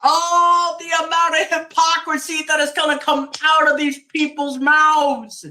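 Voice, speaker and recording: A woman's voice: high-pitched, level tone, measured pace, pushed and bright. A woman streaming a fired-up religious rant. She preaches, mocks, laughs and swears a lot.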